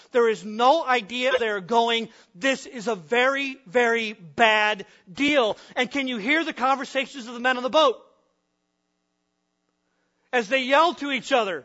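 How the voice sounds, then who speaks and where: A man from the upper Midwest preaches a sermon with a high, bright voice. He keeps asking the congregation questions and voices the frightened men of the story himself. The recording is dull and lo-fi, with a faint hum underneath. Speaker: pastor.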